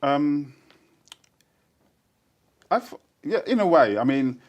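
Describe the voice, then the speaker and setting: A man's voice: a little high, slow pace. A man in his sixties from Birmingham, speaking with a Birmingham accent touched by Jamaican speech, telling stories in a casual interview and often laughing. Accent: Birmingham English with Jamaican influence. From Birmingham, England. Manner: animated, laughs often, breaks into quoted voices. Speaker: interview guest, poet.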